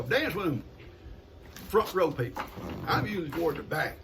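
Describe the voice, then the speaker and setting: Folksy older man, lively pitch. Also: fairly quick, noisy background. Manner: folksy, chuckling, rambling. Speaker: vlogger opening gifts. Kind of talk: casual chat to viewers.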